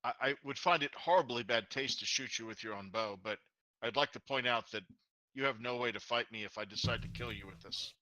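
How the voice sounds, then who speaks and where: A man voicing a calm male archer who speaks in a measured, polite way. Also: medium pitch, no echo, close to an everyday voice, poor audio. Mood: coolly threatening.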